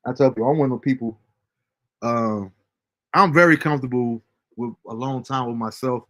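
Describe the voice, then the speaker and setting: A man hosting a casual livestream show, reading out viewer comments with a relaxed, chuckling manner. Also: medium pitch, moderate pace. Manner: laid-back, chuckling often, fillers like um. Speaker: host.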